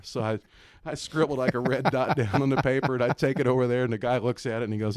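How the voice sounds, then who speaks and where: A man's voice: mid-range voice, fast talker, no room sound, clean studio sound. A middle-aged man, a former basketball coach, telling stories as a podcast guest, laughing often and acting out other people's lines. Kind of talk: storytelling in casual podcast chat.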